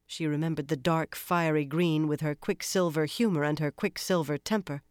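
An audiobook narrator reading a fantasy novel in a measured, even storytelling manner. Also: mid-range voice, smooth, dry recording, studio quality.

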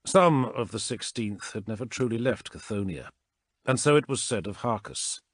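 Male narrator, low and lively in pitch, dry close recording. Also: husky, no echo. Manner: steady, measured storytelling. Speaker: audiobook narrator. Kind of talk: scripted narration.

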